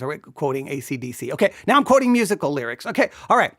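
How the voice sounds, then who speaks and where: Sarcastic commentator with a lively voice. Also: medium pitch, fast, few pauses, no echo, studio quality. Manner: sarcastic, incredulous, half-laughing. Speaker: commentator reviewing a sermon. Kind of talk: mocking commentary.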